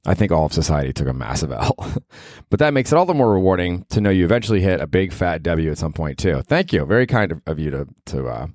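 A man's voice: deep voice, animated, quick pace, a little mellow, no echo, clean studio sound. A man from Cleveland, Ohio, hosting his own solo podcast in a rambling, self-deprecating way, swearing casually. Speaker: podcast host.

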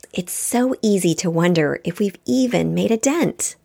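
An upbeat woman hosts her solo podcast and talks to her listeners as if they sit across from her. She reads from her own book in an encouraging, cheer-you-on way, her voice sitting at a middle pitch. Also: animated, normal speed, vocal fry, a little mellow. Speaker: podcast host.

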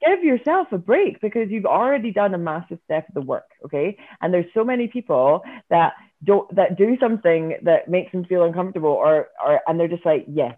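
A woman's voice: on the low side, expressive, brisk, few pauses. A Scottish woman, a yoga teacher guest, chatting casually with many fillers and frequent laughs. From Scotland. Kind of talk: casual podcast chat. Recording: tinny phone-like line.

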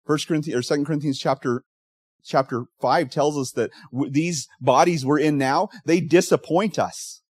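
A man, a pastor in his thirties, preaching a sermon in a conversational, animated storytelling way with asides. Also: a little high, normal speed, no echo, clean studio sound.

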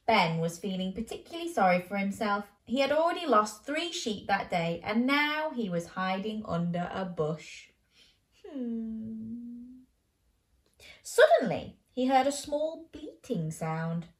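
A woman's voice: on the high side, unhurried, echoey room. Playful woman reading a bedtime story. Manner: animated, playful, asks the listener questions. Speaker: children's storyteller, host.

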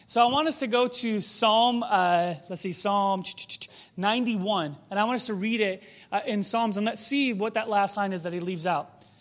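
High-voiced man preaching conversationally. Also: moderate pace, a bit bright. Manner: conversational, reflective, rhetorical questions. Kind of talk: sermon.

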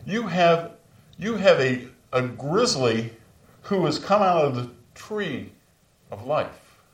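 Heard from a distance in a reverberant room, this sixty-something man preaches slowly but with great animation. As a storytelling pastor, he lifts his pitch whenever he wants to stress a point.

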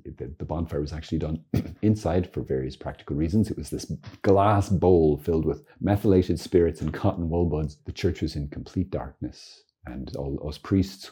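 A man, a priest, giving an informal teaching talk, earnest and lively with joking asides. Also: a bass voice, breathy edge. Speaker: Catholic priest.

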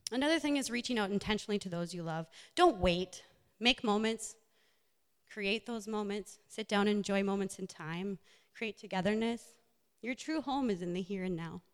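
A woman, a nurse and wellness coach, giving a personal motivational talk with slides, earnest and full of fillers. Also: medium pitch. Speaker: speaker, health and wellness coach. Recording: echoey hall.

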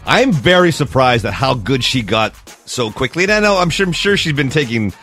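A man's voice: mid-range voice, a little fast, soft background music. A man in his thirties co-hosting a radio show in casual, joking banter. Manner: joking, animated, slips into silly voices. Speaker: radio co-host.

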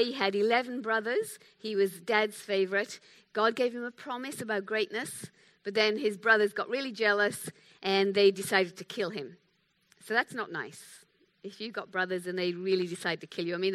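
Bright-voiced woman preaching a sermon. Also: medium pitch. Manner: chatty, self-deprecating, acts out quotes.

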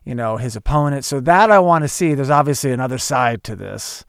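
A man's voice: medium pitch, lively intonation, a little fast, creaky, fairly bright tone, clean tone, no room sound, studio quality. A man co-hosting a movie podcast, chatting with enthusiasm. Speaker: podcast co-host. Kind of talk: casual chat.

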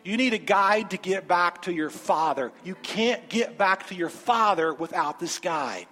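A man with a high voice preaches in a large sanctuary, telling a story with animated, emphatic energy. The long reverb of the hall hangs on each phrase, and soft music plays faintly behind him. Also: measured pace. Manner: animated storytelling, rising to emphatic altar call. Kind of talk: sermon with a personal story.

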